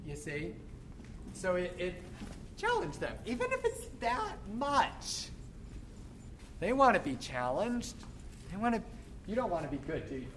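Animated male choir director teaching. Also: sits high, unhurried, pauses often, noisy background. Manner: animated, demonstrates by singing phrases. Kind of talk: choral workshop teaching.

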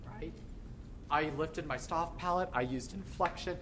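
Energetic man leading a choir rehearsal. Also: on the high side, normal speed. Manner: energetic, encouraging, demonstrates phrases by singing and chanting. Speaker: choir director. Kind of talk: teaching a choir rehearsal workshop. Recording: echoey room with background noise.

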